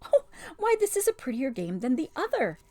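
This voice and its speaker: A woman voicing a sweet-voiced witch queen who speaks softly, soothing and half-mocking. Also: sits high, huge pitch swings, moderate pace, no room sound, voice pushed up. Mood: coaxing.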